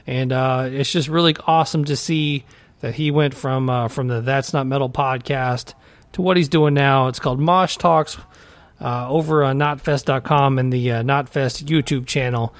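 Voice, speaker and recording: A man's voice: mid-range voice, fairly even intonation, normal speed, no room sound. Laid-back male podcast host, dry sound. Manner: laid-back, says man a lot. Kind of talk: casual chat.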